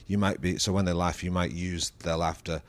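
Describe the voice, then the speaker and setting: A low-voiced man, a comedian as a guest, thinks aloud as he answers. He stops, restarts and repeats words often while working out what he means. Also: steady tone. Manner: halting, thoughtful, many restarts and repeated words. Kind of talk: interview answers.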